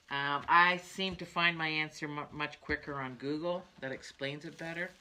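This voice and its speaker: A woman's voice: deep voice, pushed and bright. An older woman hosting a craft livestream, chatting in a rambling way, laughing often and drifting into asides. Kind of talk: rambling casual chat.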